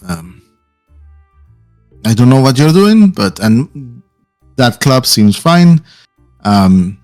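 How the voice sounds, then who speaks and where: A man voicing a calm, shrewd older male fixer in a tabletop game, speaking in a relaxed, knowing, dryly amused way. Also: mid-range voice.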